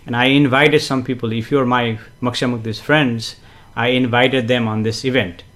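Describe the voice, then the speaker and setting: A man hosting a casual live stream, greeting viewers and reading their comments, chatty and gently explanatory with frequent fillers and soft chuckles. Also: mid-range voice, steady tone, normal speed. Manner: gently explanatory, repeats himself for emphasis. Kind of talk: casual live-stream chat with spiritual teaching.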